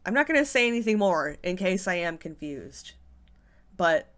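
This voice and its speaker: A woman's voice: on the low side, sing-song, normal speed. Exasperated woman doing reaction commentary. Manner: exasperated, sarcastic, swearing. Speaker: commentary channel host.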